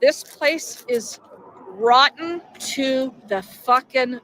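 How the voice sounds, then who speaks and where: A woman in a played video clip, speaking slowly and emphatically as if lecturing. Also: high voice, expressive, a bit bright, a little hiss or hum, rough recording.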